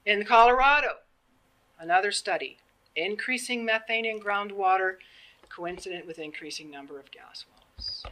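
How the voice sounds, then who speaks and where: A woman's voice: medium pitch, moderate pace, pushed and bright, rough recording. Earnest plain-spoken woman in her fifties. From Canada. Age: 50s. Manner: earnest, plain-spoken, acts out quoted exchanges. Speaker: presenter. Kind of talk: public presentation.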